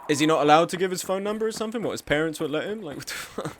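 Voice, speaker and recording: A man's voice: fairly high pitch, lively intonation, racing, slight background noise. A man live-streaming a game, chatting casually with his chat in a sweary, self-deprecating way.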